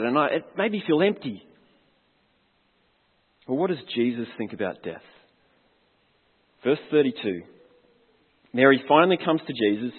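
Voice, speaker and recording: Husky pastor preaching in echoing hall. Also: male voice, on the high side. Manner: asks the congregation questions, earnest and reflective. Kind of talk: sermon. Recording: long hall reverb, tinny phone-like sound.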